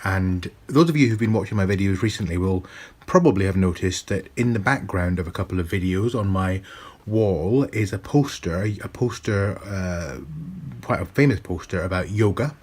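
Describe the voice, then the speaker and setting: Man, low voice with a husky edge, casual chatty reviewer, wry and self-mocking. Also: normal speed, darkish tone. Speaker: tarot reviewer.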